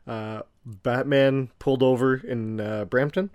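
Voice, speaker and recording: A man's voice: mid-range voice, steady tone, a little slow, a little mellow, lo-fi sound. A man co-hosting a podcast in casual chat, telling a story in a chatty way and laughing often.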